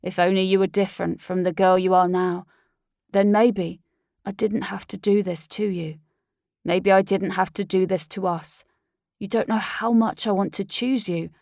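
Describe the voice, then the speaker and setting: A woman's voice: mid-range voice, steady tone, normal speed, gravelly, darkish tone, no echo, clean studio sound, natural voice. Woman reading a scornful young alpha werewolf. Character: cold young male werewolf heir, dismissive. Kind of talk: audiobook character voice.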